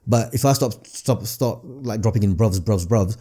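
Northern English man, comedian guest, low dark voice, rapid casual talk with stuttered restarts. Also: husky. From Northern England. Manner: rapid, repeats words when restarting. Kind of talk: casual podcast chat.

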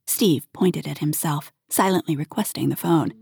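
A woman narrating an erotic audio story in a soft, intimate voice that often drops to a half-whisper. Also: sits low, normal speed, vocal fry, slightly rough, dry recording, clean studio sound.

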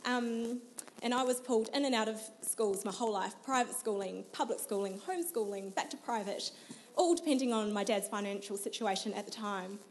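A woman's voice: a little high, a little fast, a little hiss or hum. New woman sharing her testimony. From New Zealand. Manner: earnest, emotional storytelling with frequent laughs. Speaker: guest. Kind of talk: personal testimony in an interview.

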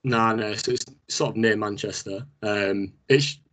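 A man's voice: lowish voice, fairly even intonation, measured pace, fairly bright tone. A young man with a Northern English accent, co-hosting a casual chat, full of slangy banter and mock outrage. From Northern England. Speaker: podcast co-host.

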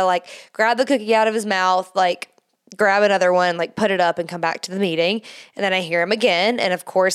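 A woman's voice: mid-range voice, clean tone. A woman podcast host telling a rambling, casual story, full of fillers and laughing as she talks. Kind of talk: casual chat.

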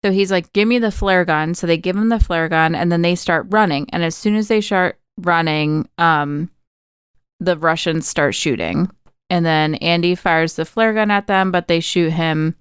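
Clear-voiced woman chatting on a podcast. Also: on the low side, normal speed, no room sound, studio quality. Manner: chatty storytelling, many "like" fillers. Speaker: podcast co-host. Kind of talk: casual film recap chat.

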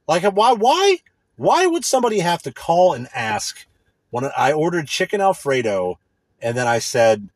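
A man's voice: a little high, sing-song, measured pace, dry recording. A man in a casual, profane, indignant rant. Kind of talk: casual ranting monologue.

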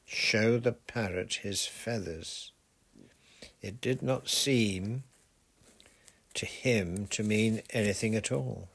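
A man narrating a children's adventure novel in a steady, measured storytelling voice. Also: on the low side. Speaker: audiobook narrator. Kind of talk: scripted narration.

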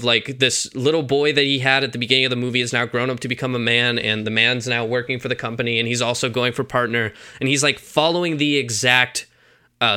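A man's voice: medium pitch, bright, forceful tone, clear, resonant tone. A young man on a casual podcast, retelling a movie plot with lots of fillers and acted-out quotes. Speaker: podcast co-host.

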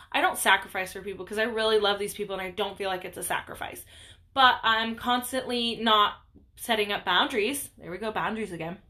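A young woman hosting a podcast rambles casually in a monologue, speaking candidly and chattily about her own life. Her mid-range voice is bright, with a forceful tone.

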